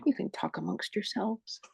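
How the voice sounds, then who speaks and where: A woman's voice: medium pitch, animated, measured pace, gravelly, mellow, breathy edge. A woman presenting to a group over a video call, talking in a chatty way, often correcting herself and apologizing. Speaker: presenter of a support group session. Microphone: earbuds with a phone.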